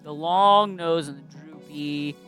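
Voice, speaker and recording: A balloon artist hosts a casual livestream, greeting viewers and making puns in a chatty, playful way. Her voice is low, slow, and fairly bright, with faint music in the background.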